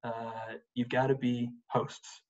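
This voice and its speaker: A middle-aged man coaches lawyers on advocacy and presentation via webinar from his home office, talking with energy and repeating "you've gotta" for emphasis. His voice is medium-pitched with a flat delivery at a slow pace, and the desk-mic recording has its highs cut off.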